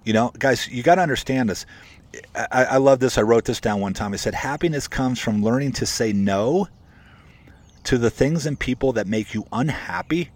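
A man's voice: mid-range voice, moderate pace. A man giving a casual motivational talk to his viewers and coaching real estate agents. He talks in a conversational, emphatic way, repeats his points and keeps calling his listeners "guys". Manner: greets viewers by name while talking.

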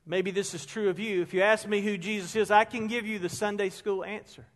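A middle-aged man preaching a sermon as a pastor, telling stories with energy and dropping to a hush for emphasis. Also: high voice, brisk. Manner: animated storyteller, drops to a hush for emphasis. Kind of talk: sermon with storytelling. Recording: long hall reverb.

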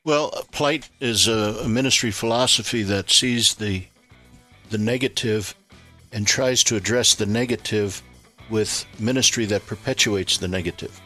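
A man's voice: fairly low pitch, unhurried, bright, forceful tone, faint music behind. A man explaining scripture on a Christian radio talk show, expansive and preacherly, building to emphatic rhetorical questions. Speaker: ministry leader guest.

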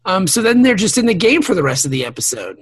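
A man's voice: high voice, big pitch swings, fast talker, husky. A man co-hosting a podcast in casual, joking chat, sometimes slipping into a put-on drawl. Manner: joking, slips into a drawling redneck voice. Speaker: podcast co-host.

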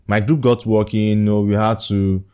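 A man's voice: fairly low pitch, little pitch movement, normal speed, warm tone, smooth. A young man earnestly telling a personal story from a leadership program, reflective and often chuckling.

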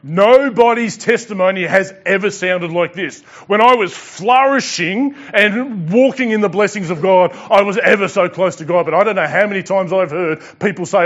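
A pastor delivers a sermon and acts out his stories with animated delivery. His voice is high for a man. The recording sounds a little muffled. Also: moderate pace, hardly any pauses. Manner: storytelling, acting out dialogue.

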